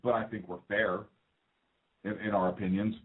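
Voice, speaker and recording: A man's voice: lowish voice, flat delivery, moderate pace. A man co-hosting a political talk radio show, joking and quizzing his partner, often restarting his sentences. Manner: joking, questioning, repeats himself. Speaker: co-host. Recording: tinny phone-like audio.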